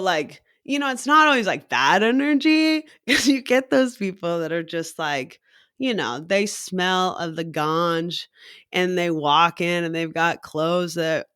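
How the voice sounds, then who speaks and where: A young woman talking casually in a vlog, animated and slangy, swearing freely and laughing as she jumps into high voices to mimic people. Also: no room sound, studio quality. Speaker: vlogger.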